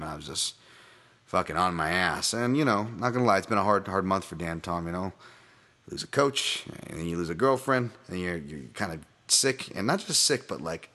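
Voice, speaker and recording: A man with a somewhat low voice hosts a solo podcast. He talks loosely and rambles from tangent to tangent, swearing casually and often laughing at himself. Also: fairly bright tone. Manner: rambling, profane, self-deprecating, laughs often; many fillers and restarts, tangents. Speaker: podcast host.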